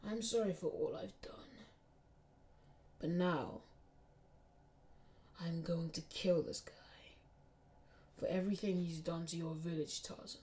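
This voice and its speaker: A woman voicing a remorseful adult male swordsman who talks quietly in a storybook reading. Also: lowish voice, steady tone, unhurried, pauses often, natural voice.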